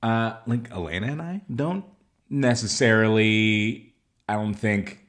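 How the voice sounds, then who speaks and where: A man's voice: fairly low pitch, a little slow, fairly bright tone. A man co-hosting a podcast in casual joking chat, laughing often. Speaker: podcast co-host.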